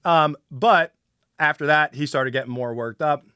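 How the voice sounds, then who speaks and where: A man's voice: a little high, moderate pace, sharp tone, clear, resonant tone, no room sound, studio quality. A middle-aged man hosting a podcast, telling a story in casual chat, acting out quotes and swearing freely. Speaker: podcast host.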